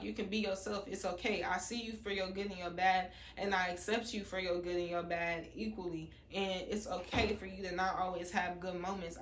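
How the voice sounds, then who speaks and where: A woman's voice: medium pitch, a bit bright, roomy sound. Heated woman venting in a storytime vlog. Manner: heated, emphatic, repeats herself, addresses viewers as y'all. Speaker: vlogger telling a story. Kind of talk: storytime vlog, casual and profane.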